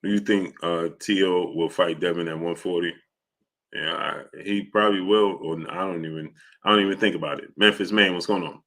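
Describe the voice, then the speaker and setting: A man's voice: low voice, fairly even intonation, a little fast, fairly bright tone. A man hosting a live stream, arguing with chat, repeating himself and calling out viewers' names. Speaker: boxing live-stream host. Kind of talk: casual live-stream commentary.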